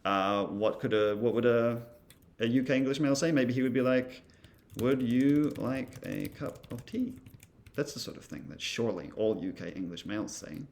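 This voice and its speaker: A man's voice: medium pitch, a little fast. A man giving a casual recorded lesson, thinking aloud with many ums and uhs. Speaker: instructor. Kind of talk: recorded lecture demonstrating software.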